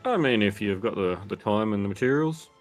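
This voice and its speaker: A man's voice: on the low side, expressive, brisk, soft background music. A man playing a tabletop game, laid-back and a little hesitant. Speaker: player.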